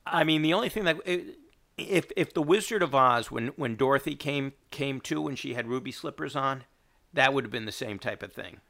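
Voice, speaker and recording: A middle-aged man with a gravelly, fry-edged voice talks through a movie plot in casual conversation. His tone is bright and forceful, and he trails into false starts and repeated words as he hunts for details. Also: mid-range voice. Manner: rambling, halting retelling with many restarts. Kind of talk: casual chat recapping a movie.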